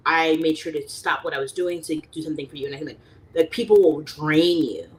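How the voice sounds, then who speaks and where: Low-voiced woman rambling on a livestream. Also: a little fast. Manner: rambling, chatty, lots of fillers, voices quoted people animatedly. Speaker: livestream host reading chat. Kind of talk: casual rambling livestream chat.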